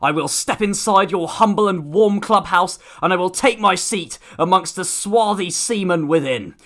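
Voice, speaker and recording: Man doing a jolly polite kid captain voice, slightly higher, bright tone. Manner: eager, well-spoken and jolly. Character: earnest young boy ship captain, polite. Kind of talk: audiobook character acting.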